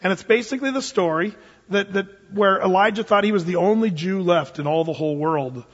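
A man with a high, brisk voice preaches a casual, joking sermon in a church sanctuary, breaking into sudden emphatic bursts. The recording sounds muffled, with a long hall reverb.

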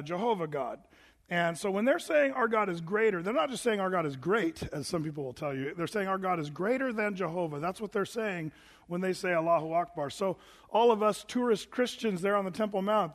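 High-voiced pastor in a reverberant hall. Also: male voice. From United States. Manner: chatty, rambling with many fillers and restarts. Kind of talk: sermon.

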